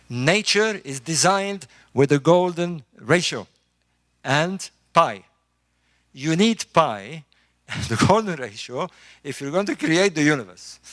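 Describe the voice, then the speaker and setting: Middle-aged guy, construction engineer, lecturing a room, emphatic and animated, kinda high voice, dry close sound. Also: no echo. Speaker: speaker on ancient engineering. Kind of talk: lecture-style talk to a live group.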